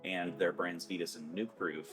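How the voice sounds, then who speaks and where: A man with a very low voice hosts an interview. He asks easygoing, loosely strung questions. Music plays clearly behind him. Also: moderate pace. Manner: relaxed, hedging with "kinda" and "you know". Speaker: interview host.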